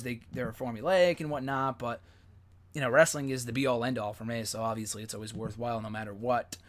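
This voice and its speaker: A young man hosting a live stream, chatting casually and rambling, with plenty of fillers and excited swearing. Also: medium pitch. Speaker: host.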